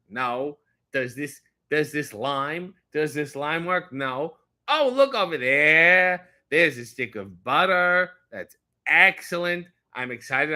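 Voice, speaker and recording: A man's voice: fairly high pitch, pushed and bright, full character voice. A man voicing a silly six-year-old boy who narrates himself shaving with butter in a whiny, wondering way.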